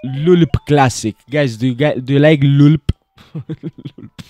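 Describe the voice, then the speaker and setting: A man's voice: mid-range voice, a little slow, warm tone, no room sound, soft background music. A young man joking his way through a horror game playthrough, chatting and calling everyone "bro". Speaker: gaming video host.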